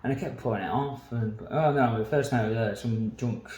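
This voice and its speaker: A man's voice: mid-range voice, fairly quick, darkish tone, echoey room, rough recording. A man telling a long personal story in a waffling, casual monologue, swearing often and laughing between lines. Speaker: vlogger.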